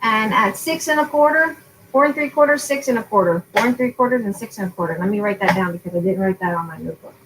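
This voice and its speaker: A woman in her forties runs a casual craft tutorial livestream on her channel, chatting away, laughing often, and drifting off topic. She talks fast in a medium-pitched voice, with background noise present.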